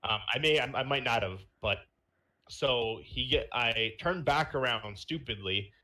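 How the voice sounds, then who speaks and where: Young male podcast host; bright, forward voice, loose chatty storytelling. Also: mid-range voice, unhurried. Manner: rambling storytelling with fillers and laughs. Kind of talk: casual chat.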